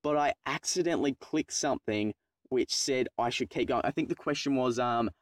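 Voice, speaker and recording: Excitable young guy telling a story. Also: brisk, no echo, clean studio sound. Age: teenager. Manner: excitable, swears freely, acts out his own panic in low muttered asides. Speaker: vlogger. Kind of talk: casual storytelling to camera.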